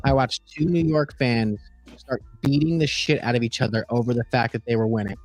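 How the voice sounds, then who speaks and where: Animated man telling a stadium story. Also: medium pitch, fairly quick, no echo, faint music behind, poor audio. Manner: animated, acts out quoted voices. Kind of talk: casual storytelling.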